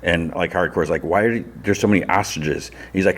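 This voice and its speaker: A man hosting a podcast, casually retelling a TV episode with many fillers and jumping into a higher voice to act out the characters' lines. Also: a little fast. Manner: loose storytelling that acts out characters' lines in a raised voice; many fillers like "you know" and "like". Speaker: podcast host recapping TV episodes.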